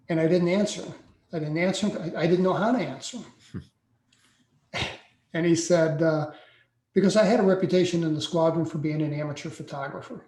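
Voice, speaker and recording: A man in his sixties, a podcast guest telling a personal story slowly and deliberately, with frequent pauses. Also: fairly high pitch, dark tone. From United States. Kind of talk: personal account in a podcast interview. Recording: echoey room sound.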